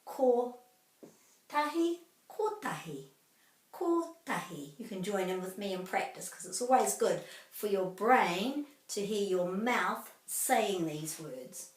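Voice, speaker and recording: A woman teaching pronunciation, slowly and carefully drilling each word with repetition. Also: medium pitch. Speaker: language teacher. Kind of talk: pronunciation lesson. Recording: echoey room, mic at a distance.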